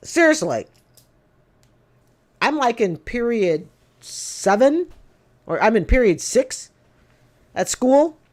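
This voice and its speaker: A woman's voice: on the high side, big pitch swings, slow, pauses often, a little mellow. A woman in her fifties giving casual, opinionated commentary, blunt and emphatic, repeating her points to drive them home. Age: 50s. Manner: lecturing, addresses people directly. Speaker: commentator reacting to call-in show clips.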